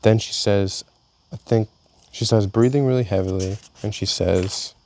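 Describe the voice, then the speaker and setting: A young man reads entries from his own journal aloud in a casual, halting way, often restarting his sentences. His voice sits low and has a gravelly, rough edge to it. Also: a little mellow. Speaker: vlogger. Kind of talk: reading a personal journal aloud.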